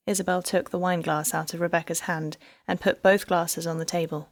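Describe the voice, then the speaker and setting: A woman narrating an audiobook in a soft, measured way. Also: little pitch movement, no room sound, studio quality. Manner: soft, measured, lowered narration between dialogue.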